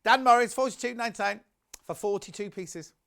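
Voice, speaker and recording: A man's voice: high voice, brisk, vocal fry, a bit bright. A man presenting a live home shopping broadcast, chatty and gushing, reading out viewer messages as he shows products.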